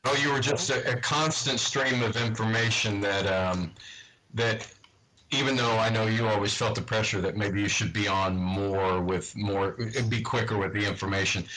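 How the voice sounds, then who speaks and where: A man's voice: fairly low pitch, moderate pace, pushed and bright, a little hiss or hum, rough recording. A man calling in to a stream as a longtime listener, talking casually in a hesitant, rambling way with many restarts. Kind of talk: casual chat.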